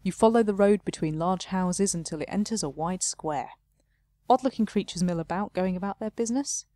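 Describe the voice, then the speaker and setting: A woman's voice: lowish voice, fairly quick, mellow, no room sound. A woman playing a game, chatting casually and reading the game text aloud, often laughing at herself. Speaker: let's play host.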